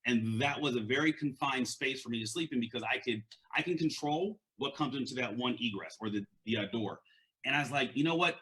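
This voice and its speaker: A man's voice: mid-range voice, brisk, a bit bright. A man with a stutter giving an earnest, conversational motivational talk as a leadership and mindset coach, often repeating words.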